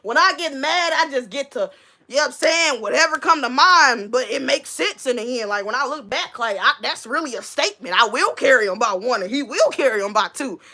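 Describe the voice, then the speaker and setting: This is a woman chatting casually on her own livestream, answering comments as they come in. Her voice is bright and pitched somewhat high. Her delivery is animated and full of slang, and she laughs easily between remarks. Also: brisk. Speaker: livestream host; school staff member.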